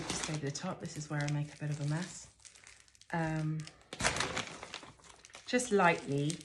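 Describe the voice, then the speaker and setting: A woman's voice: lowish voice, a little hiss or hum. A woman chatting casually while showing how she sows seeds indoors, rambling with frequent ums and restarts. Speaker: gardener demonstrating seed sowing. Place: indoors, sheltering from a rainstorm.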